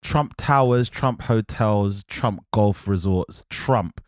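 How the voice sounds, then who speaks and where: A deep-voiced man co-hosting a podcast, teasing and wry in relaxed banter. His low voice sits close and dry against the mic, with no room sound around it. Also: takes it slowly, no echo. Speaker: podcast co-host. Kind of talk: casual live-stream chat. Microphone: podcast microphone.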